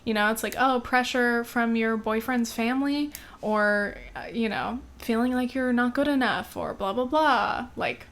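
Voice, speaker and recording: Chatty young American woman, higher voice. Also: a little slow, fairly bright tone. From United States. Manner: chatty and candid, with frequent fillers and casual swearing. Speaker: podcast host. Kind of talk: casual solo podcast chat.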